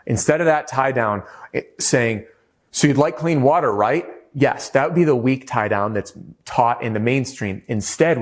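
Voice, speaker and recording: A man coaching salespeople in a blunt, emphatic way, his voice sitting at an ordinary middle pitch. He breaks into quick acted snippets of customer and salesperson talk. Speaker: sales trainer. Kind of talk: instructional talk with role-played sales dialogue.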